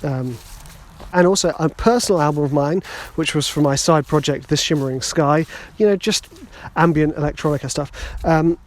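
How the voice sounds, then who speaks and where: Chatty man, fairly high voice. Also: moderate pace. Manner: rambling, chatty, self-deprecating. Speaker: podcast host. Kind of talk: casual podcast monologue.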